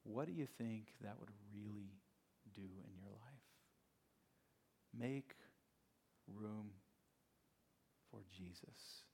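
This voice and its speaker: A male pastor preaching a sermon, retelling the story in an animated, conversational way. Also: fairly low pitch, takes it slowly, vocal fry, pauses often, husky.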